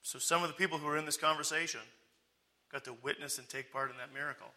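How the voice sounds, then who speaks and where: An American preacher with a slightly high, bright, forceful voice speaks fast and steady as he teaches through a Bible passage conversationally. He keeps checking in with "okay?" and acts out the people he quotes with sarcastic humor.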